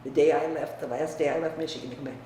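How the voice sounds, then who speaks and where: A woman's voice: low-pitched, fairly even intonation, very fast. Older woman in an echoey room. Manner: frank, emphatic, trails into quiet. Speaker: interviewee. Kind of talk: family reminiscence. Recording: echoey room, distant mic, faint hiss.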